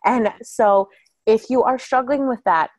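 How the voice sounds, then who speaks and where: A young woman hosting a podcast, chatting casually and telling animated stories with some swearing. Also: a little high, measured pace, no room sound. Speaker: podcast host. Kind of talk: casual interview chat.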